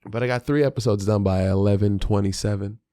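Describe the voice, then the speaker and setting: In a clean studio recording free of room sound, a man with a lowish, mellow voice talks briskly with fairly even intonation. He's a podcast host and father of a small child delivering a solo monologue, reflective, candid and slangy, with plenty of restarted sentences.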